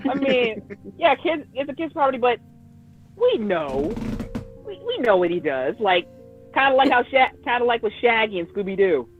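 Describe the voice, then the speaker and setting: A man chatting casually on a livestream, excited and often restarting his sentences. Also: very high-pitched, moderate pace, faint music behind. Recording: slightly dull lo-fi stream audio.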